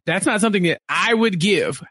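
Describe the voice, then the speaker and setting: A woman's voice: medium pitch, lively intonation, brisk, fairly bright tone, slightly rough, dry recording. A woman from Texas, co-hosting a casual chat in a chatty, playful, opinionated way. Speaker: co-host.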